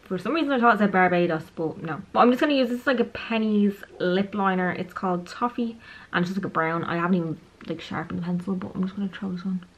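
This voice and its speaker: This is a young woman, talking her way through a quick everyday makeup routine. Her chat is casual and rambling, with little asides about how she looks while she works. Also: mid-range voice, a little hiss or hum, low-quality recording. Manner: chatty, self-aware, talks while applying makeup. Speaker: beauty vlogger.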